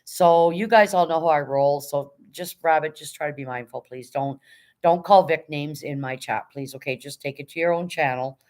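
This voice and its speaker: Low-voiced woman hosting a livestream. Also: moderate pace, darkish tone. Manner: firm but polite, moderating and reading out chat. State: tired. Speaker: livestream host. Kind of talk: casual livestream chat.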